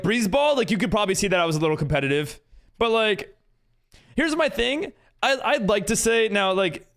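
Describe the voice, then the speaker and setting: A man chatting with his live-stream viewers while gaming, rambling with many fillers and restarts and greeting viewers upbeat. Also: on the high side. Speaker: livestreamer and server host.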